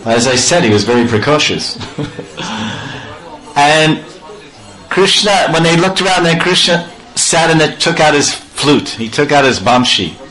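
Animated man telling a devotional story. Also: on the high side, a little slow, long pauses, faint music behind, rough recording. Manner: animated, playful, laughs often, acts out sounds. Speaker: spiritual storyteller.

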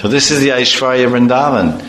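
A man preaching an animated storytelling sermon, laughing along and chanting verses. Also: medium pitch, fairly quick. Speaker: preacher telling a sacred story. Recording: echoey room, faint noise.

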